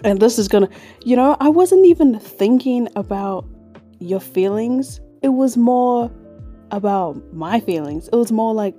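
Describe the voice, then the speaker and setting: Mellow-voiced young woman. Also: on the high side, a little slow, soft background music. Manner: reflective, animated recounting. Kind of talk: casual chat.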